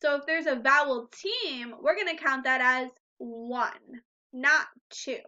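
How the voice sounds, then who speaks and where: A woman with a high, bright voice leads a recorded phonics lesson for first graders. She speaks slowly and patiently, encouraging the children as she goes. The recording sounds a bit dull and lo-fi. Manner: slow, patient, encouraging teacher talk to young children.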